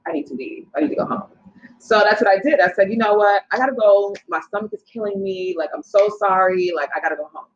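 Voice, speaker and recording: A young woman casually telling a long personal story as a podcast guest, animated and acting out what people said. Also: medium pitch. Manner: animated, quotes people in her story, quick asides. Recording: slightly dull lo-fi sound.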